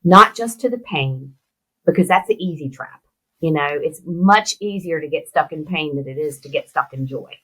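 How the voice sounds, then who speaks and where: A middle-aged American woman, an interview guest, telling a personal story in a lively way and acting out the voices of the people in it. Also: deep voice, normal speed, husky, rough recording. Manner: animated storyteller who acts out quoted voices. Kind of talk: storytelling in conversation.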